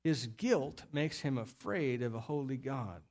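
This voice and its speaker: Animated middle-aged male pastor preaching. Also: mid-range voice, measured pace. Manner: animated storytelling with playful acted quotes. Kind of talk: sermon.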